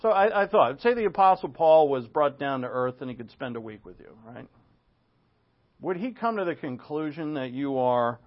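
A man's voice: fairly high pitch, expressive, normal speed. A male pastor preaching an expository sermon, full of asides and rhetorical questions. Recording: dull lo-fi sound.

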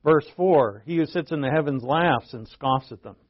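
Man, fifties, sermon, questions to the audience, restarts, somewhat high voice, dull recording. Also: normal speed. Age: 50s. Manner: conversational, rhetorical questions, frequent restarts. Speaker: pastor. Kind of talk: sermon, Bible teaching.

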